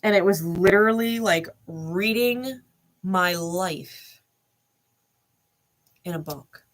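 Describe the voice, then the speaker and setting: A woman's voice: on the low side, slow. A woman in her thirties telling a personal story candidly, blunt and emphatic with heavy swearing. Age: 30s. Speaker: spiritual channel host.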